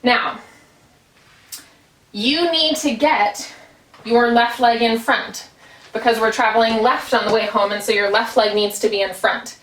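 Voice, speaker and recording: A woman's voice: on the high side, steady tone, measured pace, pauses often, fairly bright tone. A woman teaching an Irish dance lesson in her small kitchen, explaining footwork and counting steps aloud as she dances. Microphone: camera at a distance. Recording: echoey room, far from mic.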